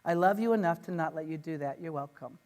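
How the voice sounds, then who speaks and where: A man giving a conference talk to teachers, animated, playful and emphatic. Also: a little high, fast talker. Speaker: education speaker. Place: conference room. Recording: reverberant conference hall.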